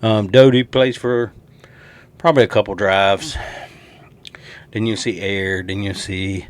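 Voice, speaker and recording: Animated Southern man predicting football. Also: fairly low pitch, measured pace. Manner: animated, jokey, talks straight to viewers. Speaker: sports show host. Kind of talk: casual sports prediction talk.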